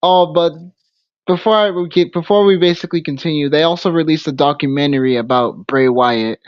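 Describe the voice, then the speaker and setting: A man hosting a casual live stream. He talks haltingly, stopping and restarting his sentences often. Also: fairly high pitch, smooth, dry recording. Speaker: stream host. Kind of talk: casual livestream chat. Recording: dull lo-fi stream audio.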